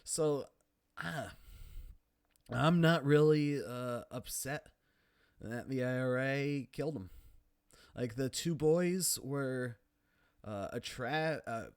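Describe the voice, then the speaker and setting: Brief: casual sardonic male commentator, middling pitch, very dry close sound. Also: takes it slowly, pauses often, clear, resonant tone, dry recording. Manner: casual, sardonic, many fillers. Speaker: video commentator.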